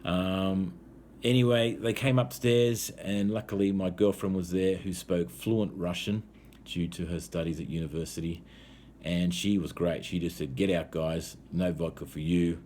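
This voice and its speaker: A man's voice: low-pitched, fairly even intonation, unhurried, darkish tone, slight background noise. An Australian man, an English teacher, telling a true travel story to learners in an easygoing way with frequent filler sounds. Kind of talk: casual storytelling for language learners.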